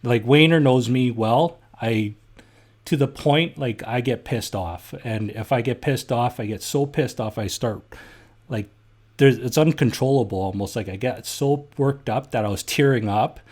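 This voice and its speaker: A man's voice: mid-range voice, a little slow, darkish tone. A middle-aged man, a podcast host telling stories in a casual, blunt and heated way, swearing freely. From Canada. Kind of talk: casual storytelling chat.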